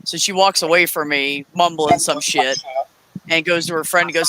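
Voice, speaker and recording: Bright-voiced woman in her forties. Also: sits low, steady tone, moderate pace, slight background noise, rough recording. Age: 40s. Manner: heated, profane retelling with quoted dialogue. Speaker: streamer. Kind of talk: casual storytelling.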